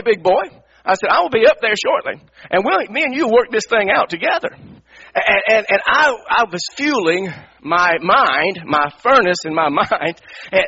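Husky pastor guy telling a story in his sermon, bright high voice, dull radio sound. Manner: animated, repeats words, acts out his own anger.

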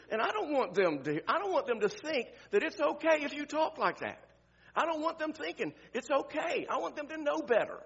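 A man's voice: high-pitched, creaky, fairly bright tone, slightly rough, lo-fi sound. An older man with grandchildren, preaching a conversational sermon full of rhetorical questions and restarts.

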